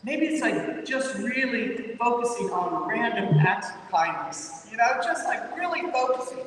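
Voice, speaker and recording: High-voiced pastor preaching in an echoing hall. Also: male voice, very animated, unhurried, a bit bright. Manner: conversational, repeats himself, lots of "you know" and "maybe". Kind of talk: sermon. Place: large church sanctuary. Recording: echoey church hall from far off, faint rumble.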